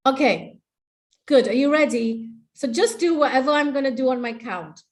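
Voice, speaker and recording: A woman's voice: high voice, animated, moderate pace. A woman presenting in an online webinar, playful and coaxing, leading the audience through breathing and laughter exercises over a video call.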